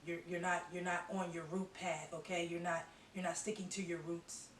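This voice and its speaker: A woman's voice: fairly low pitch, level tone, moderate pace. Psychic reader, female: blunt, emphatic, repetitive. Recorded with a roomy echo off a distant mic and faint hiss. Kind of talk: channeled tarot-style reading to viewers.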